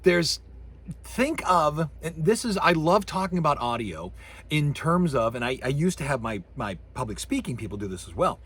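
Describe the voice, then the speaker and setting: A middle-aged man gives a college lecture on film sound in an animated, jokey way, acting out effects and voices as he explains. His voice is a touch high and husky, and his pitch swings widely. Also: normal speed. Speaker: college communications professor. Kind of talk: recorded lecture.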